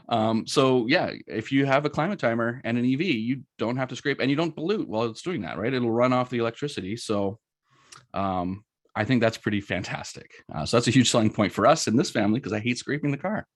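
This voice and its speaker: A man's voice: mid-range voice, fast talker, dry recording, clean studio sound. A middle-aged man with a Canadian accent giving a casual presentation, chatty and storytelling, with many fillers and asides.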